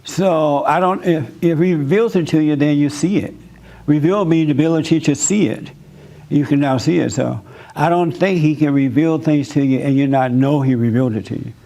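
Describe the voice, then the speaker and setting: A male pastor delivers a loose, humorous sermon in a conversational tone and circles back over his points. His voice sits on the higher side for a man. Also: moderate pace, gravelly, mellow. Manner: conversational, joking, repeats himself.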